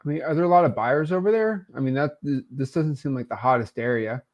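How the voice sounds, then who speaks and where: A man's voice: medium pitch, fast talker, highs cut off. Laid-back young man coaching on a call. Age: 20s. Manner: laid-back, teasing, with many fillers. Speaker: wholesaling coach hosting a live call.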